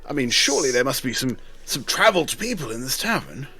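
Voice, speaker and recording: A man playing a tabletop game, playful and lively as he describes his character's moves. His pitch leaps around a lot. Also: quick pace, husky. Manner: animated, playful. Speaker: player. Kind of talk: tabletop role-play chat.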